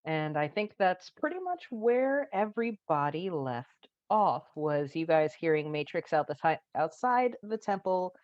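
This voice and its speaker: A woman acting as dungeon master, giving a relaxed, chatty recap of the last session. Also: lowish voice, measured pace, few pauses, no echo, lo-fi sound. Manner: relaxed, chatty, laughs easily. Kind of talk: casual game master narration.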